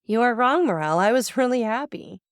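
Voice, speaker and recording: A woman voicing a grave, melancholy adult male count in an audiobook reading, speaking in a calm, measured, earnest way. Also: fairly high pitch, no echo, studio quality, voice pushed up.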